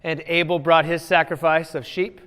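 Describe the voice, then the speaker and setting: A man teaching a children's church class, quizzing the kids with quick questions as he retells a Bible story. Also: fairly high pitch, flat delivery, a bit bright. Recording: long hall reverb.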